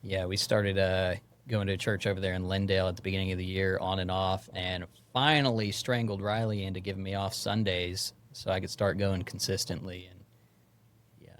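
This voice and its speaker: A man with a lowish voice talks in a relaxed, chatty way as a podcast guest. He leans on "dude" and "like" as he goes. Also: brisk. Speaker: podcast guest, former boss. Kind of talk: casual chat.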